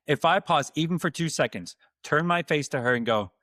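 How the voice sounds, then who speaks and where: A man hosting his own podcast, delivering a calm, earnest, scripted monologue to fathers. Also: on the high side, fairly quick, dry recording, studio quality. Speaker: podcast host.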